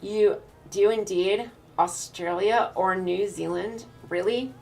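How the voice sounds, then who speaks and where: A woman's voice: mid-range voice, takes it slowly, gravelly, faint music behind. A woman with a Pacific Northwest American accent, streaming and chatting casually with viewers as she answers their messages. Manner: relaxed, thinks aloud with restarts while reading chat.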